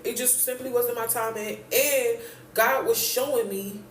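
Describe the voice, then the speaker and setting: A woman's voice: on the high side, steady tone, a little slow, a little hiss or hum. A young woman from Texas, out of breath and hurting, telling her own story in a blunt, profane, emotional way. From Houston, Texas. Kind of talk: candid story time. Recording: echoey room, voice from a distance.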